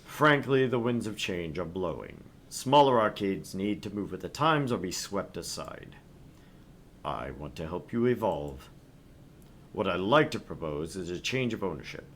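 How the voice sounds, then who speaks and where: A man playing a smooth scheming tycoon. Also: sits low, big pitch swings, fairly bright tone, a little hiss or hum, full character voice. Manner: slow, measured, polished. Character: smooth wealthy male arcade tycoon, courteous and scheming.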